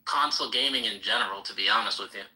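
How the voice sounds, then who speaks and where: A man's voice: lowish voice, quick pace, pushed and bright, low-quality recording. A man in a casual chat, arguing his opinions firmly. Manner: opinionated, argumentative.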